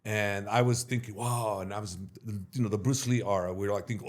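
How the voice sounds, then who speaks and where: A middle-aged man, a martial arts coach being interviewed, telling stories in a lively way and acting out what others said. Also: fairly low pitch, brisk. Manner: animated storyteller who acts out quotes loudly. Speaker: MMA coach, interview guest. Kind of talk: storytelling in an interview.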